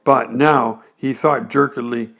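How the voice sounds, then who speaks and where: A man reading a bedtime story aloud, unhurried and gentle. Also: medium pitch, steady tone, gravelly.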